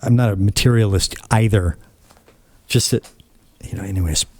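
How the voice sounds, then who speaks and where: A man's voice: lowish voice, normal speed, darkish tone, no room sound. A man hosting his own channel, telling a casual story in a rambling, blunt and opinionated way. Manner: rambling, acts out quoted dialogue. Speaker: channel host.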